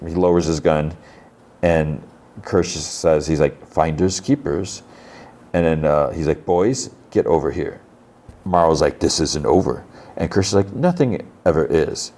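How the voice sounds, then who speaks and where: Deep-voiced man rambling through a recap. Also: darkish tone. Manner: rambling retelling full of fillers and quoted lines. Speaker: podcast host. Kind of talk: casual episode recap.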